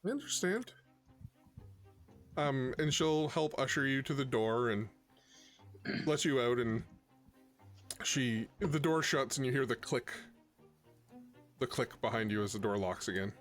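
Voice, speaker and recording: A man running a tabletop role-playing game, narrating scenes and teasing his players. His delivery is relaxed and playful, at a middle pitch. Faint music plays underneath. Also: a little slow, pauses often. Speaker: game master.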